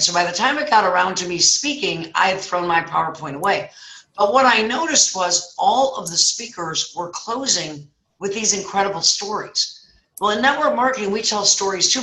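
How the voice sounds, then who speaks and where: A woman, a guest speaker, telling a story in casual chat and acting out voices. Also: medium pitch. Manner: animated, acts out voices. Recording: echoey room.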